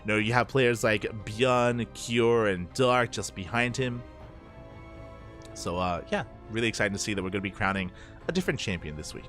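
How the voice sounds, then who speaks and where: A man's voice: lowish voice, moderate pace, soft background music. Laid-back man with a mild Aussie accent. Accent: mild Australian, blended with Spanish-speaking upbringing. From Australia. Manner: relaxed and chatty, answers chat, says "true, true" and "papi". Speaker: esports caster. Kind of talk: casual live stream commentary.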